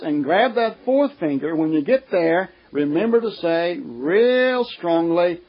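Male preacher, higher-pitched voice, slow emphatic sermon delivery, dull lo-fi sound. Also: big pitch swings, breathy edge. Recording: dull, lo-fi recording.

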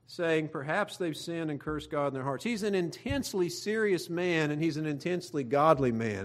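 A man preaching a sermon in a conversational way, with frequent asides and fillers. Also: a little high. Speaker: pastor.

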